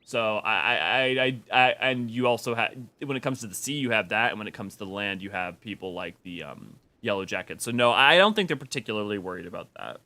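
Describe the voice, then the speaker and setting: Chatty male streamer with a bright voice. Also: lowish voice, lively intonation, fairly quick, few pauses. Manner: rambling, many restarts, greets chat. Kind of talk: casual game stream commentary.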